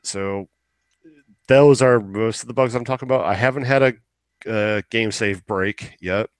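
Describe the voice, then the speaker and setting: Male podcast host, low-pitched, loose rambling storyteller with casual cursing. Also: measured pace, smooth, dry recording. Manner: rambling, swears casually, acts out quotes. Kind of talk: casual chat.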